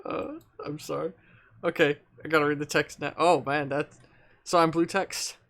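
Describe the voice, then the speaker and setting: A man's voice: a little high, fairly even intonation, moderate pace, a bit bright. A man streaming, chatting casually and goofily while reading a webcomic aloud, laughing often. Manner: goofy, joking, laughs often. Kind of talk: casual read-along chat.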